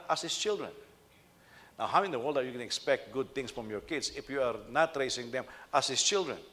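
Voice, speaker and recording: A man's voice: medium pitch, a bit bright. Man preaching in a reverberant hall. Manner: conversational, asks the listeners rhetorical questions. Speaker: senior pastor. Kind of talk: sermon.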